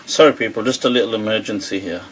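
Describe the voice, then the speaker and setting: A man hosting a live Q&A, talking in an animated way, quoting others and laughing often. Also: lowish voice, fast talker, a little hiss or hum, low-quality recording. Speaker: host. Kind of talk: live Q&A talk. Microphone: webcam or phone on a live stream.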